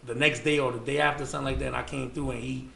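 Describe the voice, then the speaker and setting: A Bronx man with a New York accent speaks in a mid-range, fairly bright voice with vocal fry, keeping his tone level while racing along. He's a guest in a casual storytelling interview, spinning loose, slangy tales packed with fillers. The room is echoey, with faint ambient noise.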